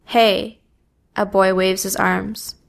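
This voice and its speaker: A woman reading a first-person story aloud in a subdued, even manner. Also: mid-range voice, vocal fry. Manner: slow, even, subdued delivery. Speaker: narrator.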